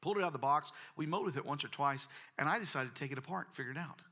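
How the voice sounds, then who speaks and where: A man's voice: fairly high pitch, rapid-fire, sharp tone. A man preaching a sermon, telling folksy personal stories and often repeating words. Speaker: pastor.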